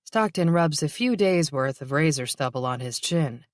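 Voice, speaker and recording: A woman narrating a novel in a measured, even reading. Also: sits low, no room sound, clean studio sound. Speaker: audiobook narrator. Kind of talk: scripted narration.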